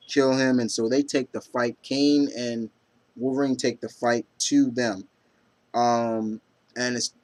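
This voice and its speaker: A man hosts a casual comic book review vlog at a middle pitch. He rambles, fills gaps with ums and "you know," and stumbles over creators' names. When he reads favorite lines aloud, he gets audibly excited. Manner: reads out comic quotes with enthusiasm.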